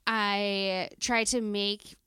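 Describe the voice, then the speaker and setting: Female co-host, slow halting delivery, bright crisp tone, dry close sound. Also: mid-range voice, flat delivery, dry recording. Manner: hesitant, halting, many fillers. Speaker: podcast co-host. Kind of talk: casual chat.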